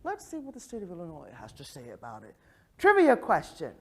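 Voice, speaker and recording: In a conference session room, a female early childhood education presenter runs an interactive workshop in a lowish voice, talking a little fast. Her delivery is animated, full of acted-out quotes and frequent "right?" check-ins.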